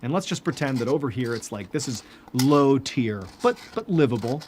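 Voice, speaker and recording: A man telling stories in casual chat as a podcast host, animated, with lots of filler words. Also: mid-range voice, moderate pace, slight background noise.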